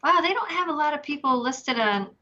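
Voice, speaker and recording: Excitable woman podcast co-host, lo-fi sound. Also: high voice. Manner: chatty, excitable, quick back-and-forth replies. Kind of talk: casual live-stream chat. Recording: dull lo-fi sound.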